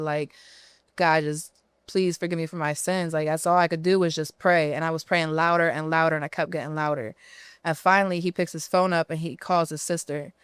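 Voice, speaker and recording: Philly woman in her thirties, podcast guest, lowish voice, very smooth and dry, blunt and profane storyteller. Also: no echo. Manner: candid and profane, tells her story at length. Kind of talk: casual storytelling interview.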